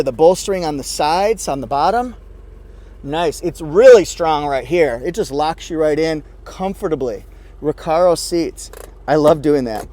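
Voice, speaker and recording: A fairly high-voiced man talks through a car review from the driver's seat of a parked car. He's upbeat and playful, throwing in goofy little sound effects as he goes. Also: a little mellow. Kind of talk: casual car review walkthrough. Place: inside a parked car with the engine and air running.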